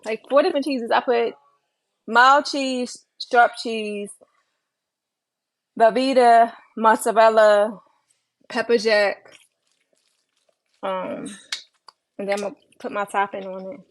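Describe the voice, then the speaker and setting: A woman's voice: on the high side, steady tone, takes it slowly, pauses often, no room sound, rough recording. A tired woman hosting a casual livestream from her home kitchen while she cooks, chatting and reading out viewer comments. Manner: chatty, reads out viewer comments and replies to them. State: tired from lack of sleep. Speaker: livestream host cooking dinner. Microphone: phone livestream. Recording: kitchen clatter of pans and cutlery.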